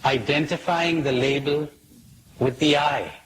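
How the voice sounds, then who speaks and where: A man's voice: a little high, measured pace, slight background noise, rough recording. A man giving a reflective spiritual talk to an audience, asking questions and telling jokes. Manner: asks questions, tells jokes with acted quotes. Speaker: spiritual speaker.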